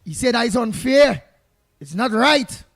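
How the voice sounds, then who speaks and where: A man with a Trinidadian accent hosting a call-in radio show, chatting and telling stories in an animated way, with loud outbursts and snatches of song. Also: extremely high pitch, a little slow. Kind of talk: lively call-in radio chat and storytelling.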